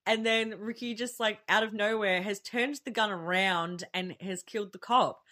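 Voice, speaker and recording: This podcast co-host has a mid-range, sharp-toned voice and speaks at normal speed. Talking films in a casual review chat, she laughs a lot and swears without holding back.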